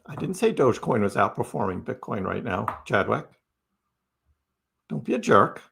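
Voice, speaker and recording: A man's voice: medium pitch, sing-song, normal speed, vocal fry, a bit bright, breathy edge. A man hosting a casual crypto livestream, chatty and repetitive, often tagging lines with "right?" and talking back to his chat. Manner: chatty, repeats phrases, peppers with "right?"; talks back to chat commenters.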